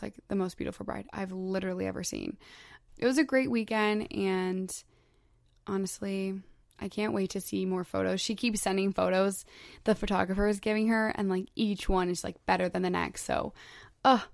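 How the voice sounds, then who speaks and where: A woman's voice: medium pitch, creaky, no echo, studio quality. A young woman in her twenties hosting a solo podcast, chatting casually and gushing, with "like" in nearly every phrase. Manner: chatty, heavy use of "like", gushing. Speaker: podcast host.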